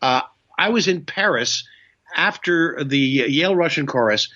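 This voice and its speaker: An older man, a comedian guest, telling stories in an animated way and slipping into impressions in casual chat. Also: fairly high pitch, unhurried. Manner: animated storyteller, slips in impressions. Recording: muffled lo-fi sound.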